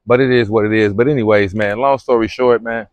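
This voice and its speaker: A man's voice: lowish voice, fairly even intonation, fairly quick, dry recording, muffled recording. A young man from Kentucky, vlogging outdoors at a spring on a phone camera, talking in a loose, slangy, rambling way. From Louisville, Kentucky. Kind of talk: casual vlog chat.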